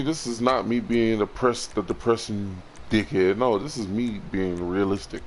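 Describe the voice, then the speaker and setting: A frustrated, upset man speaking in an emotional confessional vlog, halting, repeating his words and swearing. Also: on the low side, slight background noise. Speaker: vlogger.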